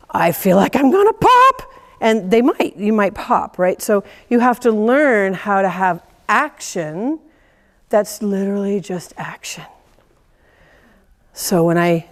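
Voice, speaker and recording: Animated woman lecturing in a reverberant hall. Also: mid-range voice. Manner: animated, laughs often, acts out quoted voices. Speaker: horse trainer giving a lecture. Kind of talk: lively teaching talk.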